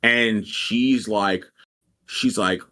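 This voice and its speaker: A man's voice: on the low side, very slow, sharp tone. A young man casually telling a rambling, profane story and quoting people animatedly as a podcast co-host.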